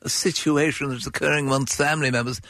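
A man's voice: mid-range voice, fairly even intonation, quick pace, fairly bright tone, no room sound, close to an everyday voice. A man voicing a drowning Victorian boy who speaks in absurdly formal, polite phrases, in a comic reenactment. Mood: mock-formal. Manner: stiff, overly formal phrasing.

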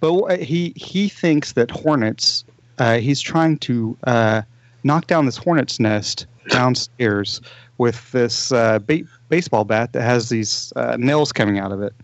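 A man on a podcast, telling the plot of a TV show in a rambling, animated way, with many restarts. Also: medium pitch, measured pace, dry recording, highs cut off. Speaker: podcast co-host. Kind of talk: casual chat, recommending a TV show.

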